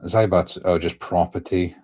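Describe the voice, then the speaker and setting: A man's voice: low voice, steady tone, normal speed, a little mellow. A man streaming a casual manga reaction, thinking aloud as he reads. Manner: thinking aloud, musing with fillers.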